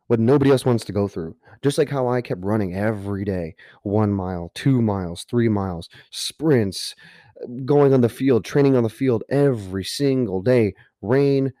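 A man's voice: medium pitch, dark tone, dry recording, studio quality. A man hosting a podcast, telling a personal story in an earnest way that builds to emphatic motivational points. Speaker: podcast host.

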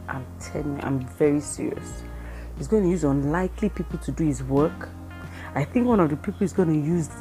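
Nigerian lady chatting about faith, low mellow voice, animated, soft music behind. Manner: lively, acts out dialogue, mixes in pidgin phrases. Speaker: Christian speaker. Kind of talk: casual devotional talk.

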